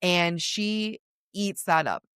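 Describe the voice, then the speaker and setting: A woman co-hosting a book podcast in casual chat, animated and laughing often as she talks through passages. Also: lowish voice, takes it slowly, clean tone, no room sound, studio quality. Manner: animated, laughs often, reads quotes aloud. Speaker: podcast co-host.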